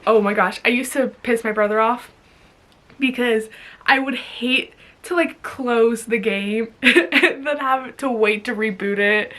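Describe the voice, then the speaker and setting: A woman's voice: a little high, bright, forceful tone. A young woman vlogging in a rambling, giggly casual chat, full of fillers.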